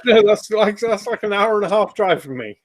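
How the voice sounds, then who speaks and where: A man's voice: sits high, expressive, normal speed. An English man hosting a casual chat, swearing and exasperated in his banter. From England. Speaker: host.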